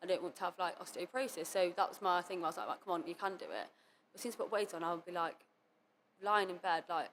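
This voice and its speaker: A young adult woman speaking as a podcast guest, telling her story candidly in quick run-on sentences full of "like". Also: on the low side, steady tone, a bit bright, slight background noise. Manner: fast, run-on speech full of "like" and quoted self-talk. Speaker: podcast guest, competitive cheerleader. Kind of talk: candid interview talk.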